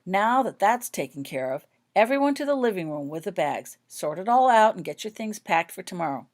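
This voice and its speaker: A woman voicing a brisk, take-charge adult witch and mother in a storybook reading. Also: mid-range voice, very animated, close to an everyday voice. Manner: brisk, bossy.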